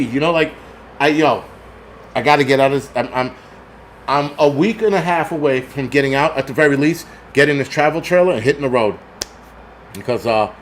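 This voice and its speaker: Man, angry, swearing, stream host, higher voice, muttering then yelling. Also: slight background noise. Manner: angry, swearing, reads chat; swings between shouting and muttering. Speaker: livestream host. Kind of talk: profane live-stream rant.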